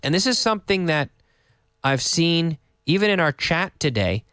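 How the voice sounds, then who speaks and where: A young adult man teaching English in a live online lesson, chatty, explaining phrases and repeating them slowly. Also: a little high, big pitch swings, fairly bright tone, clear, resonant tone, no echo, clean studio sound.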